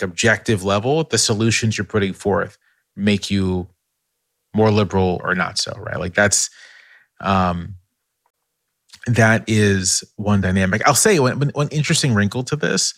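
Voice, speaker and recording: A man's voice: lowish voice, a bit bright, no echo. A man analyzing politics in a casual podcast discussion, thinking aloud with frequent restarts and "right?" tags.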